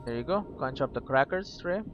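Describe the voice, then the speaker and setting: A man's voice: mid-range voice, animated, a little fast, muffled recording, music in the background. A man casually commentating as he plays a video game, muttering to himself and swearing now and then. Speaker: game streamer. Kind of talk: let's play commentary.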